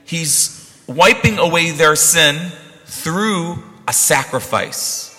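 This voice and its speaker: A man's voice: on the high side, animated, drawn-out words, sharp tone, big-room sound, faint music behind. A man, a priest, giving a conversational sermon, telling a personal story with asides to the congregation.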